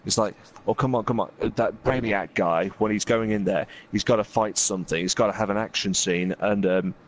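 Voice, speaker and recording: A man's voice: fairly low pitch, fairly even intonation, a little fast. A man hosting a gaming video, casually retelling a story in a rambling way, full of fillers and quoted asides. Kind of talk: casual storytelling while playing a game.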